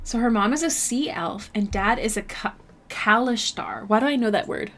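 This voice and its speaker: A woman's voice: on the high side, moderate pace, a bit bright, soft background music. A young woman with a Canadian accent, chatting casually with her viewers while she draws on stream, bubbly and full of fillers. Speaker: art streamer. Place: home streaming setup.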